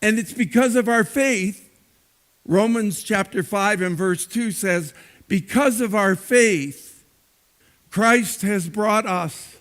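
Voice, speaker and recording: A man preaching a sermon as pastor, slow and emphatic, repeating words for stress. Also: high-pitched, a bit bright.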